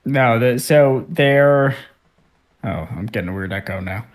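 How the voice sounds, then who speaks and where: Male game master, casual rambling narrator, middle pitch, lots of ums. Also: a little slow. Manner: rambling, many fillers and restarts. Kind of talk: narrating a tabletop game over a call.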